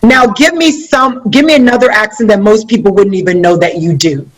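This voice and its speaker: A woman hosting an interview, asking quick, eager questions in a casual tone. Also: mid-range voice, poor audio. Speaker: interview host.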